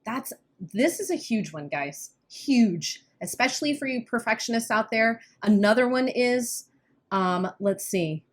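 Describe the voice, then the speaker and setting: A woman's voice: on the high side, lively intonation. A woman co-hosting a podcast as a weight-loss coach, talking earnestly in casual chat and often laughing nervously. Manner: earnest, laughs when uneasy, quick bursts.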